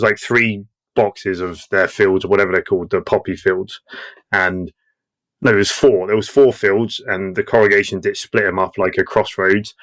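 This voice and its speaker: Guest: man, 30s, lowish voice, salty and animated, laughs through his own tales. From Britain. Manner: profane, acts out quoted voices, laughs often. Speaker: guest veteran. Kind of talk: casual war storytelling.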